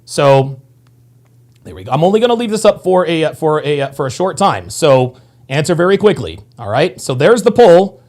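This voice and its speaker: A man with a fairly high voice that swoops up and down hosts a reaction video. He comments in a casual, crude way and talks in quick bursts. He sounds animated throughout.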